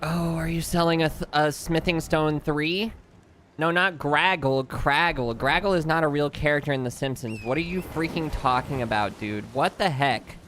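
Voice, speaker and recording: A man's voice: fairly high pitch, normal speed, a bit bright, slight background noise. A young man streaming a game, bantering with his chat in a joking, exasperated way. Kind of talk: casual live-stream commentary.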